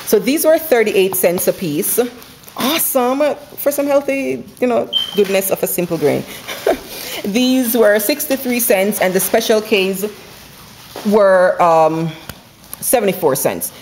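A woman chatting casually at home about her couponing haul, running through prices quickly and laughing now and then. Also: mid-range voice, expressive, darkish tone, a little hiss or hum. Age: adult with school-age kids. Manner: chatty, quick, runs numbers aloud, laughs often. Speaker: couponing vlogger. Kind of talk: casual haul video chat. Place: home, indoors.

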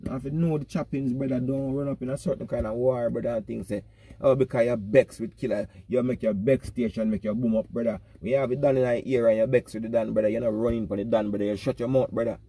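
A man's voice: mid-range voice, fast, breathy edge, no echo. A man with a Jamaican accent giving a rambling comic rant as a self-styled pastor, peppering every line with "brother". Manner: repeats "brother" rhythmically, animated and preachy. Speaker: comic vlogger pastor persona.

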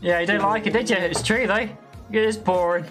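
A man's voice: sits high, steady tone, a little fast, a bit bright, faint music behind. A man streaming a multiplayer game live, mocking the other team with repeated taunts and frequent laughs. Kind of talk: live gameplay commentary.

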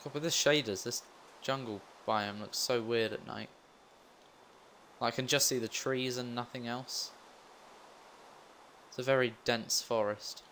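A man's voice: medium pitch, fairly even intonation, a little slow, pauses often, a bit bright, a little hiss or hum. A young man giving casual commentary while playing a game, rambling and joking at his own expense. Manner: rambling, self-mocking asides. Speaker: let's play gamer.

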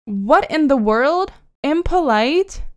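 A woman's voice: high-pitched, expressive, slow pace, a little mellow. A woman giving chatty, giggly commentary as she plays a life-simulation game and talks to her characters. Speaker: gaming YouTuber. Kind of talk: casual let's-play commentary.

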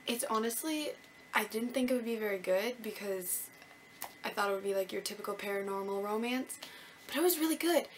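A woman's voice: medium pitch, fairly quick, slight background noise. A young woman from Canada, a book vlogger chatting to camera in a bubbly, gushing and self-mocking way. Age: young adult. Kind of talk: casual chat to camera.

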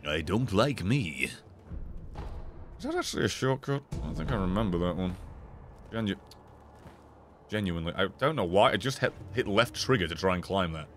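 A man streaming a video game, swearing, yelling in frustration and laughing at himself as he talks to the game. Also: deep voice, expressive, normal speed, pauses often, faint music behind. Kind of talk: casual gameplay commentary.

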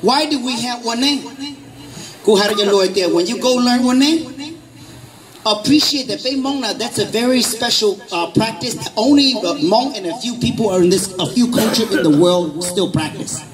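A man's voice: high-pitched, normal speed. A man doing a stand-up comedy set at a festival, speaking playful broken English mixed with Hmong and acting out family scenes. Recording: live crowd noise at an event. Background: crowd.

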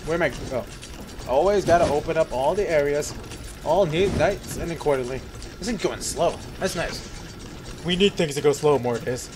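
A man's voice: on the high side, normal speed, noisy background. A young man talking to himself while playing a game, rambling, giggling and swearing. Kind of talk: let's play commentary.

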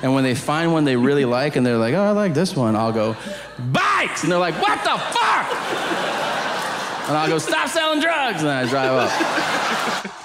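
A man doing stand-up comedy, telling a story and acting out the squeaky voices of the people in it. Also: brisk. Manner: animated, acts out squeaky voices of other people. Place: comedy stage before a live audience. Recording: echoey stage with audience noise.

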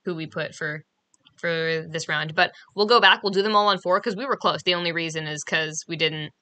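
A woman's voice: sits low, fairly quick, pushed and bright. A young woman chatting casually and giggling with a friend while streaming a horror game. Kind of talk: casual gameplay chat.

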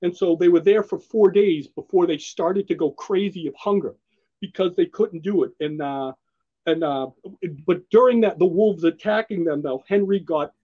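A man with a husky, high voice gushes about comics as a podcast co-host presenting a comic in a casual chat. He's enthusiastic and rambling and laughs often, and the recording sounds muffled.

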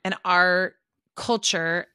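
A woman's voice: fairly low pitch, fairly even intonation, slow pace, sharp tone, clean tone, no room sound, studio quality. A woman chatting casually on a podcast, digressive and full of "like" fillers. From Southern California. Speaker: teacher and podcast regular.

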